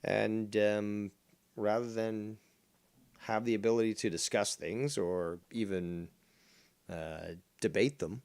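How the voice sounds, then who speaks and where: Low-voiced monotone middle-aged man. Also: takes it slowly, creaky, smooth. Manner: monotone, droning delivery; calm, never yells, blunt and profane. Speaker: show host. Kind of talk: casual call-in show chat.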